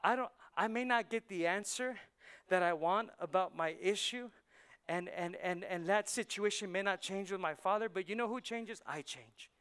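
A male pastor preaching a sermon in a church service, swinging between hushed and loud. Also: high-pitched, moderate pace, clean tone.

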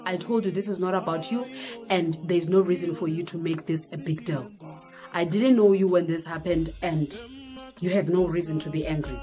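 Pitched low and unbothered, this is a dismissive young man brushing off every question, played by a woman retelling a story. He speaks curtly and flatly. A little music sits faintly underneath. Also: normal speed, natural voice.

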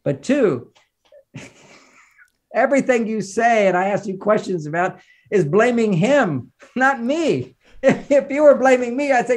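A man's voice: extremely high pitch, lively intonation, measured pace. A man, a relationship author and counselor, talking as a podcast guest in an emphatic, teacherly way, often laughing as he speaks. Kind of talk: podcast conversation, advice and explaining.

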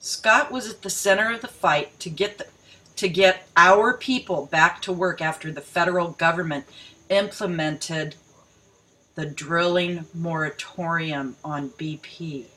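A woman's voice: fairly low pitch, measured pace, sharp tone, poor audio. A woman reading news articles aloud and breaking off to mock them, rereading lines for emphasis. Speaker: video commentator.

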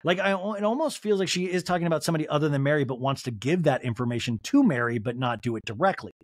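Fast, lively gossipy male podcaster. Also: a little high, dry recording, clean studio sound. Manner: gossipy, quick asides. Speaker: podcast host. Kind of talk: casual recap commentary.

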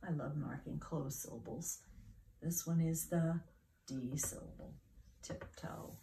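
A woman's voice: sits low, measured pace, gravelly, dark tone, a little hiss or hum. A woman teacher giving a patient, encouraging phonics lesson to children, spelling words out letter by letter.

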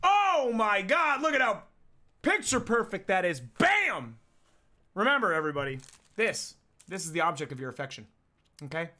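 A man chatting on a live stream with a high, bright voice. He rambles, swears freely and keeps breaking off mid-sentence to start over. The sound is close and direct, as from a desk mic. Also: sing-song, normal speed. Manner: rambling, profane, self-interrupting. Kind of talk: casual chat on a live stream.

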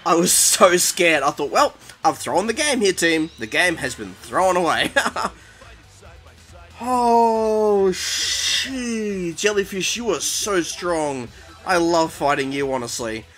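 A man giving live commentary over his own fighting-game match, excitable and quick to exclaim in alarm and poke fun at himself. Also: fairly high pitch, faint music behind. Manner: excitable, panicky exclamations and self-mocking. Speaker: gaming commentator.

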